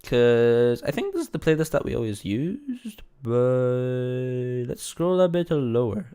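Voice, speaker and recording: A streamer with a slight cold talks in a loose, rambling way, restarting sentences and laughing often. His voice is a man's, smooth and resonant. It sits mid-range in pitch. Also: very animated, slow, dark tone. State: a bit congested from a cold. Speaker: streamer reacting to videos. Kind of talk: casual live-stream commentary.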